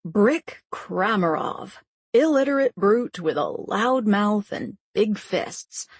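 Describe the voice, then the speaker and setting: A woman narrating a romance audiobook in a measured, scripted style. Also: fairly low pitch, gravelly, husky, dry recording.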